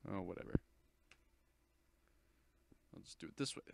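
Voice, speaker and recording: The audio is very noisy, and this teenage man talks at a moderate pace. As host, he offers chatty, rambling commentary on an install over a screen recording, correcting himself as he goes.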